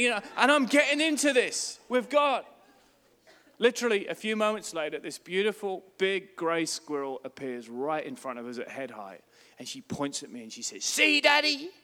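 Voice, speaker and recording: A man's voice: a little high, a bit bright, big-room sound. A man, a pastor preaching a sermon, telling stories with emphasis.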